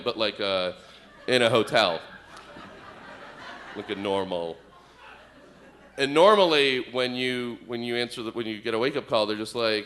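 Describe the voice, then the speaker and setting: Bright-voiced stand-up comedian, rambling. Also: male voice, lowish voice, unhurried, long pauses. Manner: rambling observational storytelling. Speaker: comedian and co-host. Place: stage before a live audience.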